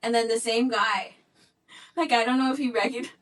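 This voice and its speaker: A woman's voice: fairly high pitch, steady tone, normal speed, recorded from a distance, low-quality recording. A woman in her twenties co-hosting a podcast, chatting casually, laughing often and chiming in. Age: 20s. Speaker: podcast co-host. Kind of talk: casual chat.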